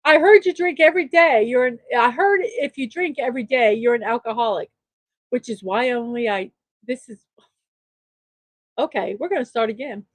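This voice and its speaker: A woman with a high voice hosts a casual livestream, reading out jokes in a chatty, upbeat way and chuckling along. She sits close to the mic in a dry, deadened room. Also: normal speed, dry recording. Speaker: livestream show host.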